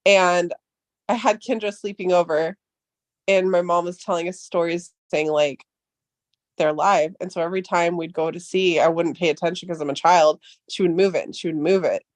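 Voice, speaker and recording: A woman's voice: on the low side, steady tone, moderate pace, no echo. A woman in her thirties chatting casually as a podcast co-host, telling rambling stories full of swearing. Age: 30s. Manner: profane, rambling storytelling. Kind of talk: casual chat.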